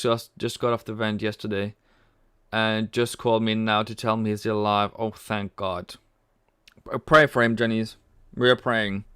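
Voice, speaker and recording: A man's voice: medium pitch, fairly bright tone, clear, resonant tone, no echo, clean studio sound. A man hosting a casual trading livestream, chatty, reading viewer comments aloud and cracking jokes. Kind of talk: casual live-stream chat.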